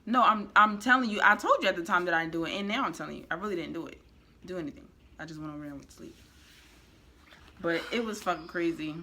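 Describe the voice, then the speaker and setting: A young woman tells her side of a shared story in a relaxed, offhand way. Her voice sits a little low but sounds bright, and she swears casually as she talks. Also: quick pace. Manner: laid-back, laughing retelling with swearing. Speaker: vlogger, partner in the story.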